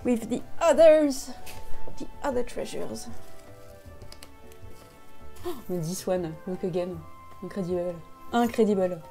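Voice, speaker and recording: A French woman with a French accent chatting excitedly to herself during a casual live stream, slipping between English and French. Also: medium pitch, a little slow, pauses often, soft background music. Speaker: costume maker streaming live. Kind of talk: casual live-stream chat while unboxing.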